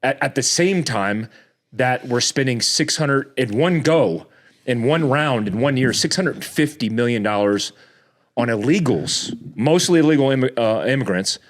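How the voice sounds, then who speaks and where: A man talking as a podcast guest in casual chat, ranting heatedly, often restarting his words and jumping up in pitch when exasperated. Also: animated, unhurried. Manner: frequent restarts and repeated words.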